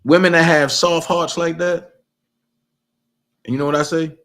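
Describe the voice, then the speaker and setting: A man's voice: on the high side, fairly even intonation, quick pace, fairly bright tone. A man hosting a livestream who reads court documents aloud and breaks off into profane, mocking commentary.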